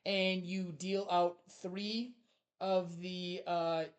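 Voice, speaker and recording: A man's voice: high-pitched, little pitch movement, drawn-out words. A man co-hosting a casual board game review, talking with enthusiasm and many fillers as he shows the components.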